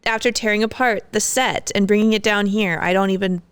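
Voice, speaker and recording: A woman co-hosting a laid-back podcast, her voice smooth and clear. She jokes around and laughs readily with her co-hosts. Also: mid-range voice, fairly even intonation, brisk. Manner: playful and laughing. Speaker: podcast co-host. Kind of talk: casual chat.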